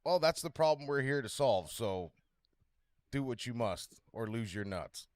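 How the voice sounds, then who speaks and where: A man's voice: medium pitch, lively intonation, measured pace, darkish tone, no room sound. A man playing a tabletop game, speaking in character with crude, menacing threats. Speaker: player.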